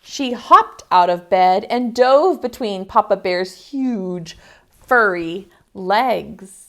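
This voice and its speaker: Preschool teacher, woman, reading to kids on a video class; slow, sing-song, rather high. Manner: expressive, asks children questions. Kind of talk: reading a picture book aloud to children. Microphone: online video class.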